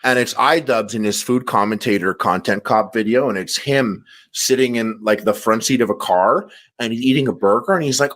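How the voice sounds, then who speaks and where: A man's voice: medium pitch, moderate pace, hardly any pauses. A man in casual podcast chat, telling stories at length and acting out what people said. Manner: animated storyteller, acts out quotes. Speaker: podcast guest.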